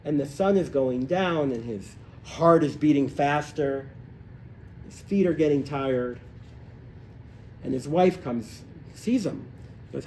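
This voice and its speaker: Animated man telling a story to a class. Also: takes it slowly, long pauses, a little hiss or hum. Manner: animated, acts out voices in stories, rises in pitch when excited. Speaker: class teacher. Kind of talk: storytelling lecture to a live class. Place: hotel room, recorded live.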